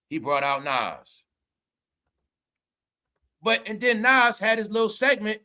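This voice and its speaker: A man's voice: sits high, very animated, takes it slowly, pauses often, sharp tone. A man giving casual, comedic commentary as a vlogger, rambling, swearing, laughing and stammering as he talks.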